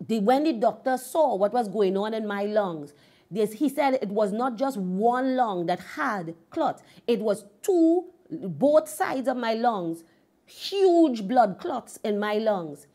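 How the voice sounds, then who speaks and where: Warm-voiced woman ministering. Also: a little high, expressive, slow. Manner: emphatic storytelling. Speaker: host and minister. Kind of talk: devotional teaching.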